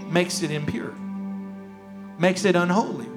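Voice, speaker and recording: A man's voice: high voice, expressive, normal speed. A man preaching a sermon as pastor, emphatic and repeating his key phrases. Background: worship music.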